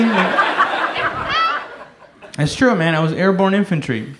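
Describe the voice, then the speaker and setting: A man's voice: sits high, animated, very slow, long pauses. A man doing stand-up comedy on a club stage, telling self-deprecating, profane stories in a loose, conversational way. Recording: roomy club with noisy audience.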